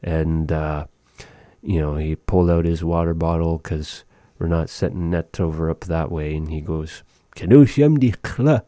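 A man teaching words of a language in a relaxed, chatty way, repeating each word slowly. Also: a bass voice, dry recording, clean studio sound. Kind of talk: casual language lesson.

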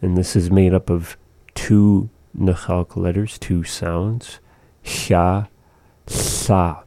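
A man patiently teaching the pronunciation of a language, demonstrating each sound slowly and explaining how it is made. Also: deep voice, flat delivery, mellow, a little hiss or hum.

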